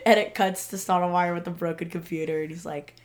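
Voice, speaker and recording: A woman's voice: lowish voice, steady tone, a little fast. A woman co-hosting a casual fan chat, giggling as she recalls favorite scenes. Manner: giggly, laughs between lines. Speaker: co-host.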